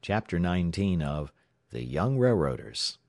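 A man from the United States narrating a story aloud in a dramatic, expressive way. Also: deep voice, measured pace, no echo, studio quality. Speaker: audiobook narrator. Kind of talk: scripted narration.

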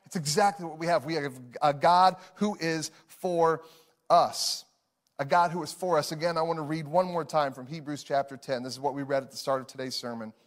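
A man's voice: a little high, fairly even intonation, a little fast. A man in his thirties preaching a sermon as pastor, earnest, repeating phrases for emphasis and chuckling between lines.

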